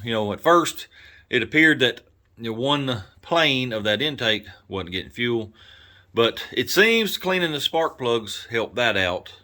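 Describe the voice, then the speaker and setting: A man with a Southern American accent talking casually in a garage workshop, rambling and folksy, thinking out loud with lots of fillers. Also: mid-range voice. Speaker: garage YouTuber and mechanic. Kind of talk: casual workshop vlog talk.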